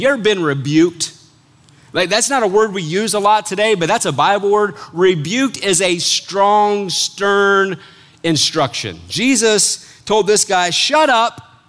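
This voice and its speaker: A man preaching a sermon, reading scripture aloud and explaining it in an animated, conversational way, joking with his congregation. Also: high-pitched.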